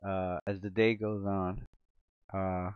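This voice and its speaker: A man narrates a tabletop game as game master, rambling along with plenty of "like" and restarts. His voice sits fairly low and sounds dry and close, though the stream audio is a little dull and muffled. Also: flat delivery, slow, clear, resonant tone, no room sound. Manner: loose, filler-heavy storytelling with lots of "like".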